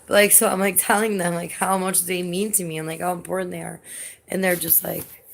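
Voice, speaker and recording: A woman's voice: fairly low pitch, little pitch movement, brisk, gravelly. A young woman vlogger telling a story in a rambling, casual way, filling her talk with "like" and swearing freely. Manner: rambling, heavy use of "like", swears often.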